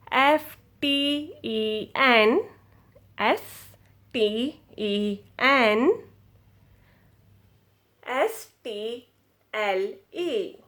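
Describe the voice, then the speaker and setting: Slow, careful woman teacher. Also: a little high, fairly bright tone. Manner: slow, deliberate, repeats each word for students. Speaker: English teacher. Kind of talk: pronunciation lesson.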